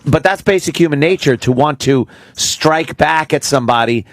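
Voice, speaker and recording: A man's voice: on the high side, normal speed, dry recording. A middle-aged man hosting a radio talk show, telling a rambling, profane story with many restarts.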